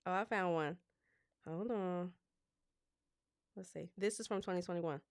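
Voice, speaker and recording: Woman coaching on speech live, smooth clear voice, super dry sound, very expressive. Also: lowish voice, normal speed, long pauses, dry recording. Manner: lively, expressive, conversational.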